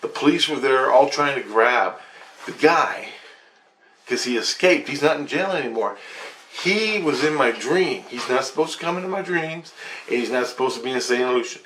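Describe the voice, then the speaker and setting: A man's voice: medium pitch, animated, moderate pace, fairly bright tone, roomy sound, a little hiss or hum. A man vlogging a rambling account of a dream, repeating himself, restarting sentences and swearing often. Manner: repetitive with restarts and frequent swearing.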